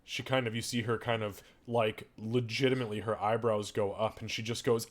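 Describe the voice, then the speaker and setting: A man's voice: lowish voice, flat delivery, a little fast, few pauses, slight background noise. A man running a tabletop game as game master, describing scenes in casual, conversational narration.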